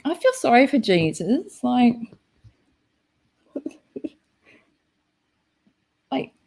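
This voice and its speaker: A woman rambles through a casual live-stream chat at an unhurried pace. Her talk is loose and giggly, stuffed with "like" as she wanders from thought to thought. Her pitch sits right in the middle for a woman. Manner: rambling, giggly, full of "like" fillers.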